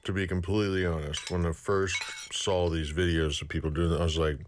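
Male co-host, low voice, relaxed wry banter. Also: fairly quick, background noise. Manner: easygoing, wry, laughs along. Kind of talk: casual food-tasting chat.

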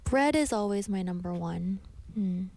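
A woman's voice: mid-range voice, animated, unhurried, gravelly, darkish tone, no echo. A woman radio host chatting in a bubbly way and reading listener messages, in a radio studio.

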